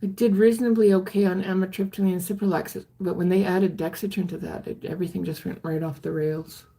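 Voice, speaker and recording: An older woman, chatting candidly on a live stream and answering viewer comments in a halting way, often restarting her sentences. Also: fairly low pitch, steady tone, warm tone, slightly rough. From Canada. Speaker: livestreamer reading viewer comments. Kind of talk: casual live-stream chat.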